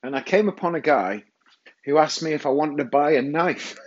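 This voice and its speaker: A man's voice: fairly high pitch, normal speed, dull audio. A middle-aged man hosting a rambling solo podcast from his kitchen, self-mocking and casually swearing. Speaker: podcast host. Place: home kitchen.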